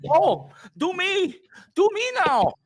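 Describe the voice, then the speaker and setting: A man voicing an excitable, flamboyant small man in a comedy script table read, squealing his protests. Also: takes it slowly, full character voice. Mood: giddy. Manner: squealing, high-pitched protests.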